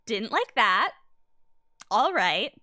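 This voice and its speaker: A woman live-streaming a game, chatting casually, greeting viewers by name and thinking her answers through out loud. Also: fairly high pitch, big pitch swings, drawn-out words, no echo, studio quality.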